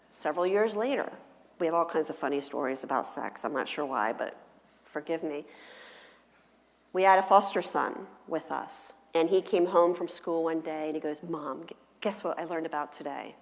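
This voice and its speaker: A middle-aged woman counselor giving a church talk, telling family stories with animation and acting out her children's voices. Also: low voice. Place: church sanctuary. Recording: long hall reverb.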